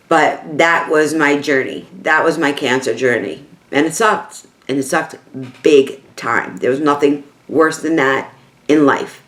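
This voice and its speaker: Heartfelt New York woman in an echoey room. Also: low-pitched. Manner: heartfelt, rambling, repeats herself for emphasis. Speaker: beauty vlogger. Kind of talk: emotional casual talk to camera.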